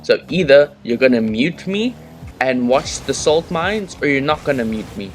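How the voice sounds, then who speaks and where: A man casually commentating a game from his bedroom, rambling and chatty with bursts of excitement, on a laptop mic. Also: medium pitch, unhurried, faint music behind. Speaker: gaming commentator and host. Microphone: laptop built-in mic.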